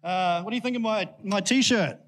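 Guy preaching in church, kinda high voice, jokey and rambly, lots of ums. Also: normal speed. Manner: chatty, self-deprecating, many fillers. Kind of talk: casual, joking sermon. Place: church in front of a congregation.

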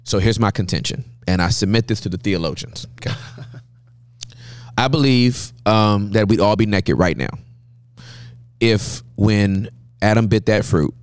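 A man speaking as a guest pastor, telling animated sermon-style stories with a preacher's cadence and frequent laughter. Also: fairly low pitch, unhurried, long pauses, dry recording.

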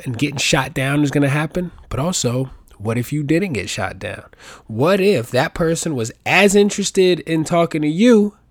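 Young male podcast host, loose and jokey, swears freely, mid-pitched, dry close sound. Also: no room sound. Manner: profane, rambling, jokey asides. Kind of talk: casual rambling monologue.

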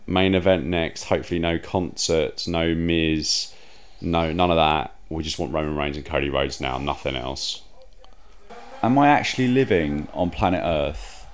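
Brief: low-pitched male host, worked-up and ranting, repeats questions. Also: moderate pace. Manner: exasperated, repeats himself, swears. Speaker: podcast host. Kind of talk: heated wrestling review chat.

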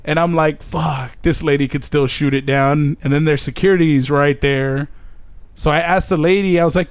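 A man's voice: fairly high pitch, steady tone, normal speed, clear, resonant tone. A man hosting a podcast, telling a long story in casual chat, swearing often and laughing. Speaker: podcast host.

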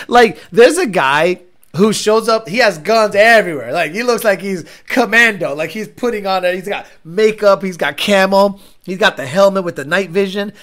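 A man's voice: high-pitched, normal speed, fairly bright tone. A man hosting a casual reaction video, rambling and joking in a crude, profane way. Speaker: host.

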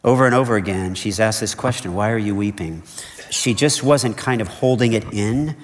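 A man's voice: mid-range voice, brisk, slight background noise. A man preaching a sermon as pastor, earnest and conversational, repeating his key points and checking in with "okay?". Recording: long reverb of a large hall.

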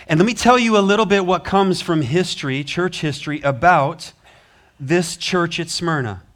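A man's voice: a little high, fairly bright tone. A man preaching a sermon in a church, telling a story with rising, emphatic passion. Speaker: pastor. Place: church sanctuary.

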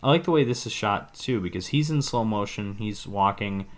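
Deep-voiced man recapping a movie. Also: animated, moderate pace. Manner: rambling, hedging with "like" and "I guess". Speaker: podcast co-host. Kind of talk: casual movie recap chat.

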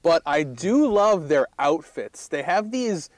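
Rambling man, higher voice, dry sound. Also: big pitch swings, takes it slowly, dry recording. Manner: rambling, laughing, hesitant fillers. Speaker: podcast co-host. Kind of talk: casual comedic chat.

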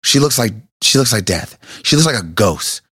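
A man's voice: medium pitch, animated, moderate pace, a bit bright, husky, no echo, studio quality. A man in his thirties, a pastor, chatting casually and telling an emotional personal story with stumbling restarts.

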